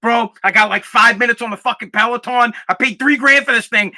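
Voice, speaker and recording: High, sharp-voiced angry man in his forties. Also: brisk. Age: 40s. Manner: aggravated, profane, bursts into shouting. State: dusty throat, clearing it and coughing. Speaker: podcast host. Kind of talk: angry ranting monologue.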